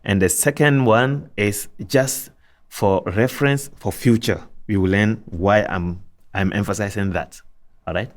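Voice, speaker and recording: Man, lowish voice, patient alphabet teacher, slow deliberate repetition. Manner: patient, repeats letter names slowly, many restarts. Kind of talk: slow, deliberate tutorial instruction.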